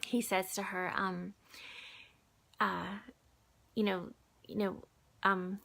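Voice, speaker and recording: A woman of ordinary pitch gives a gentle devotional talk for a church video. She reads aloud from a book in a relaxed, chatty way, with many fillers and restarts. Now and then her voice sinks to a hushed whisper. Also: takes it slowly, creaky. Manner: drops to a soft whisper at times. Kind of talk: informal devotional book reading. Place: recorded video message.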